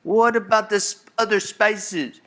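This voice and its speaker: A man's voice: high voice, measured pace, pitched above the performer's own voice. A man putting on an eager, pestering young son. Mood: insistent. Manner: excited, insistent questioning.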